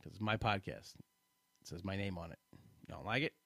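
A man's voice: low voice, fairly quick, vocal fry, sharp tone, husky, no echo. A man hosting a casual live podcast, chatty and self-deprecating, a bit tired and rambling with restarts. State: tired, yawning. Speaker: podcast host.

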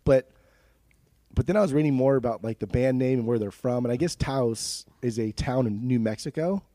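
Chill young dude on a podcast, mellow warm voice, dry close sound, swears a lot and trips over his words. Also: mid-range voice, moderate pace, no echo. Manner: laid-back, swearing, laughing often, restarts. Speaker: podcast co-host. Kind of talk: casual chat.

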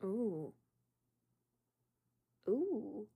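A woman's voice: mid-range voice, sing-song, drawn-out words, vocal fry, slightly rough, narrow, tinny audio. A young woman co-hosting a podcast, chatting casually, rambling and laughing often. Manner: giggly, rambling, prone to bursts of laughter. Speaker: podcast co-host. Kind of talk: casual chat.

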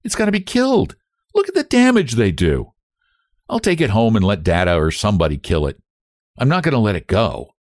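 A man's voice: lowish voice, wildly swooping pitch, brisk, no echo, studio quality. A man voicing a bold, blunt young woman who talks brashly, in a storybook reading. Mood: eager.

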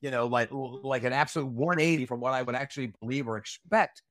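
A man's voice: medium pitch, fast talker, a bit bright, dry recording. A man recounting a night from his Army days as an interview guest, blunt, profane and heated. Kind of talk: casual storytelling interview.

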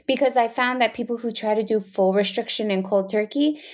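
A woman's voice: a little high, fairly quick. A woman guest in a casual interview, explaining her ideas in an upbeat, earnest way.

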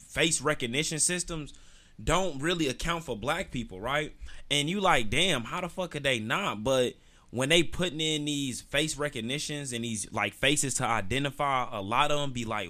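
A man's voice: mid-range voice, bright, forceful tone. A man hosting his own podcast, ranting casually in a loose, profane, slang-heavy storytelling style. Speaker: podcast host. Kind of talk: casual solo podcast rant.

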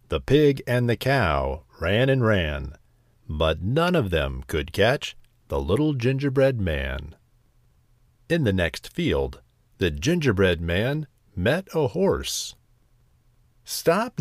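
A man narrating a bedtime story slowly and gently. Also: on the low side, big pitch swings, no echo, studio quality.

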